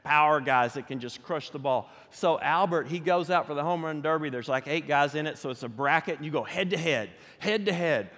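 Animated pastor in reverberant hall. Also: male voice, on the high side, a little fast, few pauses. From United States. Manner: animated storytelling, rising loud for excitement. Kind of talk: sermon. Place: church sanctuary.

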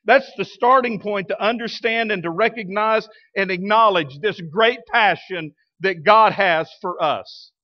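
A man's voice: high-pitched, measured pace, hardly any pauses, dull audio. A male pastor preaching a sermon in a conversational way, asking his congregation rhetorical questions. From United States. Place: church.

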